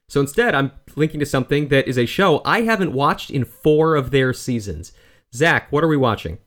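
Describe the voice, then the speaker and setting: A man hosting a casual podcast, brisk and profane, steering his co-hosts along. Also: a little high, lively intonation, fairly bright tone. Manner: brisk, profane and directing the others. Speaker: podcast host. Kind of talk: casual chat.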